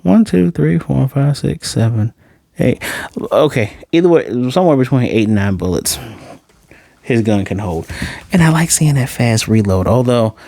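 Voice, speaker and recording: A man's voice: mid-range voice, expressive, normal speed, dark tone, no echo. A man in his late thirties giving a casual, rambling anime review, often correcting himself and wandering into chatty asides. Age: 30s.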